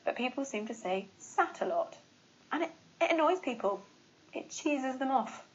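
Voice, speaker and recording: A young woman with a British accent, giving a casual English lesson to camera in a chatty, expressive way. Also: on the high side, muffled recording. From Britain. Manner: chatty and expressive, quick laughs, playful mock examples. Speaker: English teacher.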